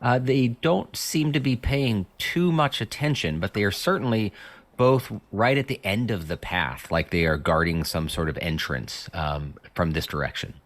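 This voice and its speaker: Low voiced guy running a tabletop rpg, laid back, lots of ums. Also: moderate pace, no room sound. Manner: relaxed, loose narration with fillers. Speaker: game master. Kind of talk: narrating a tabletop game.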